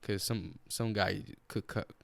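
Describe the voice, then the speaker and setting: A man's voice: on the low side, fairly even intonation, measured pace, creaky, a little hiss or hum. A young man telling stories on his podcast, casual, profane and rambling, with frequent restarts. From Puerto Rico. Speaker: podcast host. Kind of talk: casual storytelling.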